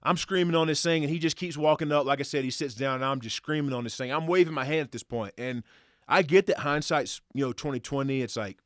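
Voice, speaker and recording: Podcast guest, male, lively profane storyteller, fairly high voice, dry close sound. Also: quick pace, no echo. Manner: animated, profane, excitable retelling with acted quotes. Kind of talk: casual storytelling.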